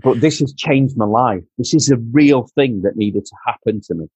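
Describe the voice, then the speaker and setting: A man's voice: medium pitch, moderate pace, darkish tone, husky, dry recording, lo-fi sound. A man from Doncaster with a Yorkshire accent, telling his story as a podcast guest earnestly, repeating himself and calling the host mate. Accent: Yorkshire English. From Doncaster, England. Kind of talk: candid personal storytelling.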